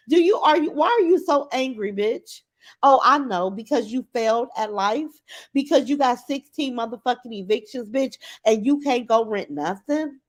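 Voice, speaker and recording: A middle-aged woman livestreaming, talking in a blunt, profane, mocking way with emphatic repetition. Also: high voice. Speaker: live streamer. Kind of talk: unscripted livestream rant.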